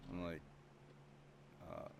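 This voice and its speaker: A man's voice: slow, a crowd in the background. A man, a podcast guest, telling boot camp stories in loose, profane, casual chat full of fillers. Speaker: podcast guest, former Marine recruit.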